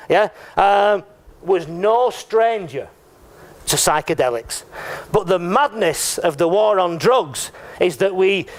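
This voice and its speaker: A man giving a conference talk in a chatty, joking way, often checking in with the audience. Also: sits high. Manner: chatty and joking, with frequent tag questions. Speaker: conference speaker. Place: lecture room.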